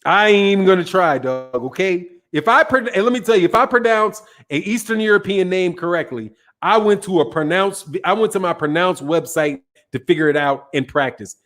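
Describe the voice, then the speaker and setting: A man's voice: sits high, expressive, moderate pace, hardly any pauses, fairly bright tone. A man hosting a casual live stream, reading viewer comments and answering in a brash, profane, emphatic way, often repeating himself. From Chicago. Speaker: boxing talk show host answering viewer chat.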